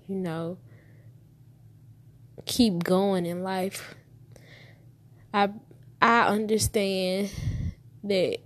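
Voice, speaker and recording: A woman in her twenties telling a personal story to the camera, heartfelt and emotional, repeating herself as she holds back tears. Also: medium pitch. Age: 20s.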